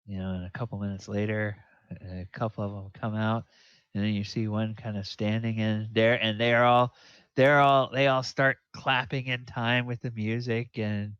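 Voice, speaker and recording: A man hosting and narrating a tabletop game as dungeon master, describing scenes in a rambling, halting way. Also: on the low side, little pitch movement, fairly bright tone, smooth, no echo, highs cut off.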